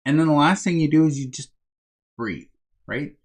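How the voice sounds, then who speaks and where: A man coaching first responders gives a motivational self-help talk in a slightly rough, somewhat high voice at a moderate pace. He speaks conversationally, checking in with "right?" and addressing listeners as "my friends."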